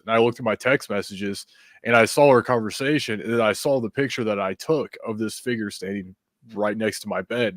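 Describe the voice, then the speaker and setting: A man as a podcast guest, telling paranormal stories in casual chat with frequent fillers and quick laughs. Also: lowish voice, dry recording, studio quality. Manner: animated storyteller, quick laughs, many fillers.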